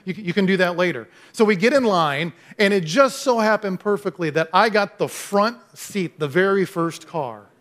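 A middle-aged man preaching a sermon as a pastor, telling animated, self-deprecating stories before a closing prayer. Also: sits high, normal speed, hardly any pauses.

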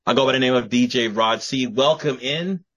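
A man's voice: medium pitch, moderate pace, fairly bright tone. A man hosting a casual podcast, playful and theatrical in his announcements. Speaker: podcast host.

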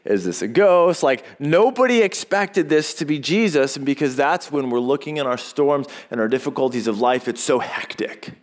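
A man's voice: medium pitch, moderate pace, few pauses. A male pastor delivering a sermon in a conversational way, asking rhetorical questions and acting out short quotes.

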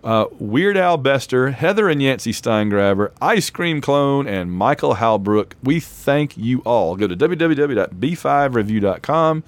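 Hoarse, chatty male podcast host. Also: medium pitch, animated, a little slow, few pauses, no echo. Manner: chatty, rambling, laughs often. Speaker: lecturer. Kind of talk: casual chat.

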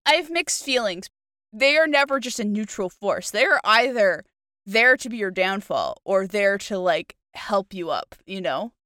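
Bright, lively woman podcaster. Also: medium pitch, unhurried, dry recording, studio quality. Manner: playful and animated. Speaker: podcast co-host retelling a fairy tale. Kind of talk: casual chat and story narration.

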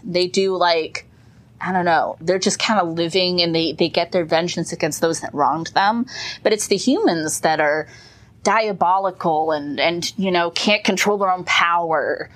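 A woman's voice: on the low side, normal speed. A woman co-hosting a movie podcast, chatting casually with lots of fillers and laughter. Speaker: podcast co-host. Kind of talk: casual chat.

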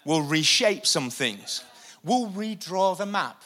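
A male pastor preaching a sermon, energetic and repetitive for emphasis. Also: sits high, slow pace. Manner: energetic, repeats lines for emphasis, uses a helper for a live demonstration. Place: church stage before a congregation.

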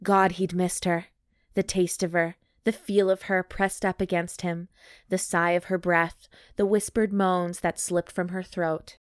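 A woman's voice: fairly low pitch, little pitch movement, a little slow, dry recording, studio quality. A woman co-hosting a comedy podcast, reading steamy romance prose aloud between jokes with her co-host. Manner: reads steamy prose aloud with playful commentary. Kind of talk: casual chat and mock-dramatic reading.

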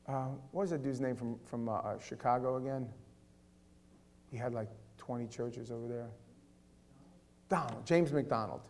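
A male pastor preaching a sermon in a casual, animated way, swinging between loud and hushed delivery. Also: on the high side.

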